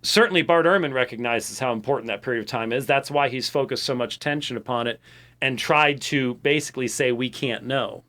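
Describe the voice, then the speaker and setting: Pushed and bright, this mid-range male voice moves briskly. It belongs to an American ministry program host who wanders through a casual monologue for his audience, peppered with fillers and false starts.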